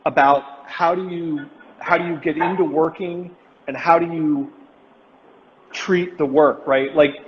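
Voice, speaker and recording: A man hosting a casual live-stream chat, talking in loose, rambling runs full of fillers and restarts. His voice sits a little high, and it comes through a dull, lo-fi video call with a long reverb tail and faint hiss. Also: steady tone, measured pace. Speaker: host.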